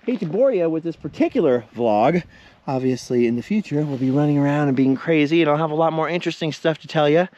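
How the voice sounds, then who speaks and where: A man's voice: fairly high pitch, animated, fast, a little mellow, highs cut off. A middle-aged man, out of breath, chatting in a rambling vlog while hiking outdoors at old ruins. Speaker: vlogger. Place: outdoors at a desert mine ruin.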